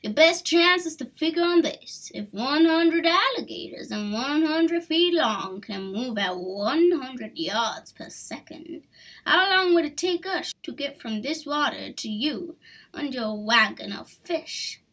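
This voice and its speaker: Lady doing a hissy old gator guy, low and slow, threatening. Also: lively intonation, a bit bright, heavily acted, rough recording. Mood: menacing. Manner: hissing, threatening. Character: menacing old male alligator, hissing.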